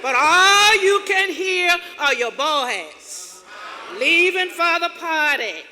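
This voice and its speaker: High, forceful woman giving a keynote. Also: big pitch swings, slow. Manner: dramatic, rhythmic repetition with building emphasis. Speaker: keynote speaker. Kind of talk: motivational speech. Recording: reverberant hall with audience.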